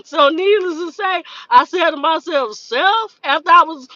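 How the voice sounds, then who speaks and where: A woman's voice: very high-pitched, a little slow, no echo, lo-fi sound. A woman hosting a casual livestream who tells stories to her viewers, laughs often and acts out the voices in her stories. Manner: lively, laughs often, acts out quoted dialogue. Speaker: livestream host.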